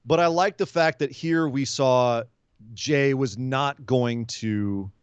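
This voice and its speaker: A man hosting a wrestling podcast, giving an animated, casual recap and acting out quotes as he tells it. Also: medium pitch, slow pace, clear, resonant tone, dry recording, dull audio.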